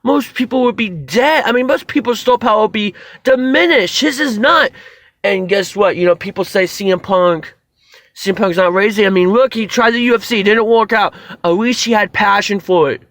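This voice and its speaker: A man reviewing a wrestling show in a casual video, excitable and rambling, swearing freely as he goes. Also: sits high, normal speed, no room sound.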